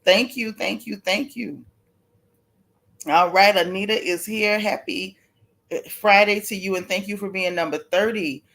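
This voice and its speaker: A woman's voice: mid-range voice, measured pace, gravelly, fairly bright tone. A woman hosting a casual gossip livestream, chatting to viewers and apologizing while she keeps sneezing from allergies.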